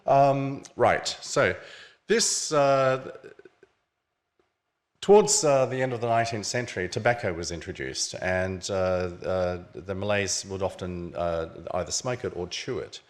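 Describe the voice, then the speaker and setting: A man's voice: lowish voice, unhurried. A man giving an illustrated lecture at a book launch, explaining objects on his slides in a casual, conversational way. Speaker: author presenting his book. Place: museum event venue.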